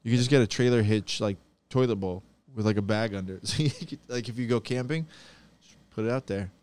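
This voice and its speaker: A man chatting casually as a podcast host, laughing often and telling stories with animated quoted voices. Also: lowish voice, brisk, smooth. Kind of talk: casual chat.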